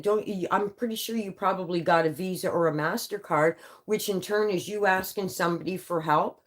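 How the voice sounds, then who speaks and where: Woman, low voice, sleepy and worn out; rambling home livestream chat, halting, swears, restarts lines often. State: tired, sleepy. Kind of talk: casual live-stream chat.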